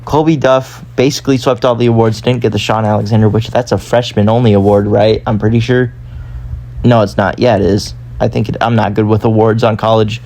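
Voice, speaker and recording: A man's voice: lowish voice, steady tone, fairly quick, creaky, a little mellow. A man giving casual gameplay commentary, rambling and often correcting himself. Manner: rambling, self-correcting, chatty. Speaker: gaming YouTuber.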